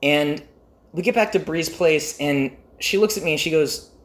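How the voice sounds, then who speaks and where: A man telling a comic personal story in an animated, self-mocking way. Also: normal speed. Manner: animated, self-mocking, with jumpy pitch swings for emphasis.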